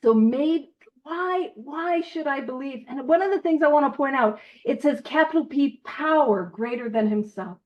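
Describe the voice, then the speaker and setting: High-voiced, lively woman speaker. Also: normal speed, highs cut off. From Canada. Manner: lively, jokey, goes off on tangents. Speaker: guest speaker at a recovery study meeting. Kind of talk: casual recovery talk.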